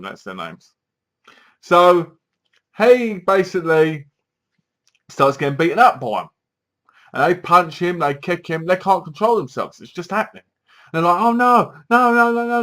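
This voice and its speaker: A man's voice: a little high, fairly bright tone. A man giving a casual, rambling film review and acting out the characters' lines as he retells the plot.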